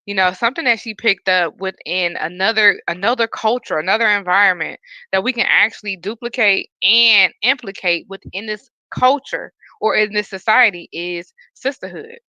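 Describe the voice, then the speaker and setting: A bright, forceful woman host sounds close to tears, earnest and halting as she speaks. The sound is dull and lo-fi with no room echo at all. She is hosting a live podcast stream. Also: mid-range voice. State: emotional, near tears. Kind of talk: podcast talk.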